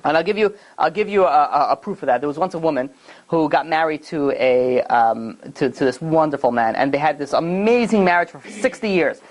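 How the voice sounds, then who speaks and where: A man, a rabbi, giving a conversational Torah class and telling a story in a lively, informal way. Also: a little high, fairly quick, poor audio. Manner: conversational, animated storyteller with fillers.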